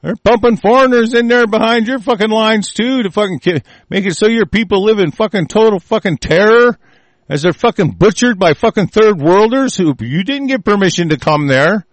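A man from the United States, his voice high-pitched and paced moderately, launches into an angry political rant in a dry recording. He's furious and profane, shouting threats throughout.

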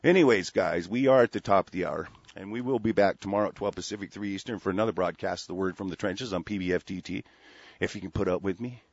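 Husky-voiced man ranting on the radio. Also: deep voice, fast talker, dry recording, dull audio. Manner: profane, combative ranting. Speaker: radio show host. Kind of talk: heated monologue on internet radio.

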